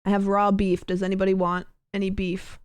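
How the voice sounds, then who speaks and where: A woman's voice: medium pitch, completely flat delivery, a little fast, darkish tone, smooth. A young woman streaming a game, chatting with viewers in a rambling, casual way. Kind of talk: casual gameplay chat.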